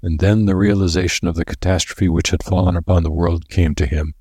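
A man narrating an audiobook in a measured, even storytelling manner. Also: low voice, slightly rough, no echo, clean studio sound.

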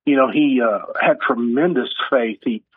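A man's voice: mid-range voice, moderate pace, slightly rough, dry recording. A man, an author being interviewed, talking earnestly and telling stories. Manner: earnest, storytelling, acts out quotes. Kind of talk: conversational interview. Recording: tinny phone-line audio.

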